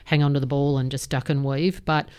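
A woman's voice: extremely low pitch, little pitch movement, fairly quick, darkish tone. A woman co-hosting a sports podcast, giving blunt, frank verdicts in casual chat and laughing them off. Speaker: podcast co-host.

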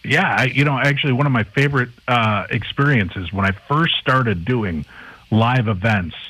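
A man on a radio talk show, telling a paranormal anecdote in a lively, casual way and acting out the people in it. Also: medium pitch, normal speed, slightly rough, no echo, low-quality recording. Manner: animated anecdote teller, acts out the people in his story. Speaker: paranormal TV host and guest. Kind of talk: casual storytelling chat.

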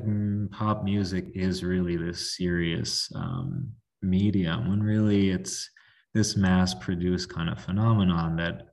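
Deep gravelly male podcast host. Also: takes it slowly, recorded from a distance. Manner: casual, lots of filler "like", animated opinions. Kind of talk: casual conversational chat.

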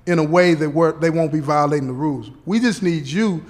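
A man's voice: fairly high pitch, lightly acted. A man playing a patient parole officer. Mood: explaining. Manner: slow, deliberate, keeps checking with "okay?" and "right?". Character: patient male parole officer briefing a relative.

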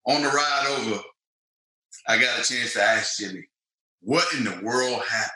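A man's voice: medium pitch, normal speed, reverberant, low-quality recording. A man, telling stories as an interview guest and acting out quotes. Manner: animated storyteller, acts out quotes. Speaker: guest, former football player. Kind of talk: storytelling interview.

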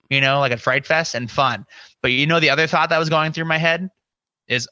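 Man, podcast guest, bright tense voice, rambling storytelling, acted-out quotes, dry slightly dull audio. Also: fairly high pitch, steady tone, brisk, no echo. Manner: rambling, full of "you know" and acted-out inner quotes. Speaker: podcast guest, scare actor. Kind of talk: casual interview storytelling.

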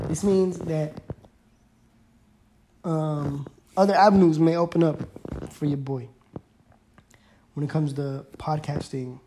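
Slow, laid-back young man podcasting. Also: fairly high pitch, a little mellow, slight background noise. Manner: rambling, laid-back slang. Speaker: podcast host. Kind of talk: casual solo podcast chat.

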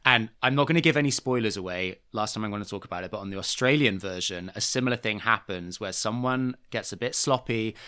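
A man co-hosting a podcast in casual chat, animated, laughing often and acting out quotes. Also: fairly low pitch, fast, few pauses, clear, resonant tone. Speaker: podcast co-host.

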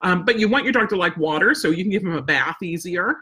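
A woman's voice: fairly low pitch, animated, fast, pushed and bright, slightly rough. A woman dog trainer teaching casually on a live stream, chatty and plain-spoken, often checking in with "right?". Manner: chatty, tags points with "right?" and "okay?"; plain-spoken, firm about follow-through.

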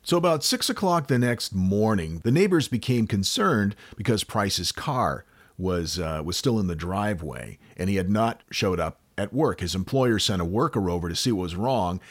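A man's voice: fairly low pitch, moderate pace. A man with an American accent, hosting a podcast and casually retelling a true-crime case with jokes and fillers. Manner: relaxed, joking, with frequent fillers. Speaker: podcast host.

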